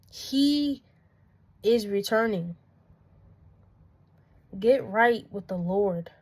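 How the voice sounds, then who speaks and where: A woman preaching in a passionate, emphatic monologue and repeating her phrases. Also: fairly high pitch. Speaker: faith vlogger.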